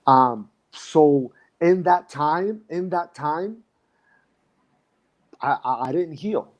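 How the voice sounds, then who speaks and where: A male dance instructor, appearing as a guest in casual conversation, reflects emotionally on his past and often restarts his sentences. He speaks very slowly in a fairly high voice.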